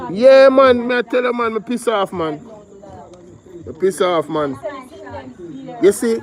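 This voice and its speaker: A Jamaican man hosting a casual livestream, talking heatedly, firing off rhetorical questions and shouting out his viewers. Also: fairly high pitch. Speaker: livestream host.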